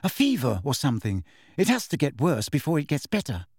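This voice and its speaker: A man's voice: medium pitch, huge pitch swings, brisk, darkish tone, husky, no room sound, clean studio sound, exaggerated voice. A man voicing a clever, bossy teenage girl student in an audiobook, speaking sharply and earnestly. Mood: concerned. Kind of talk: audiobook character voice.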